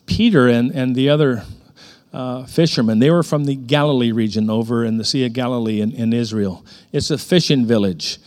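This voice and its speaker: A man's voice: medium pitch, fairly quick, darkish tone. This is a middle-aged man preaching a sermon, speaking in a conversational storytelling tone. He talks as if chatting with his congregation, then suddenly lifts his voice to stress key words. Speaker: pastor.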